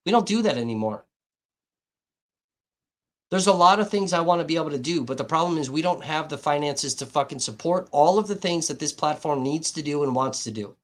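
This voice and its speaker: A man's voice: a little high, moderate pace. A man hosting a livestream, ranting bluntly and abrasively with heavy swearing. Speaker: livestream host. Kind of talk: heated livestream rant.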